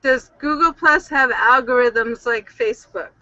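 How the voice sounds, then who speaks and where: Woman host, webinar over video call; high, bright, upbeat, relaxed pace. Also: unhurried, no room sound, highs cut off. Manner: upbeat, reads out viewer questions. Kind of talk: webinar Q&A hosting.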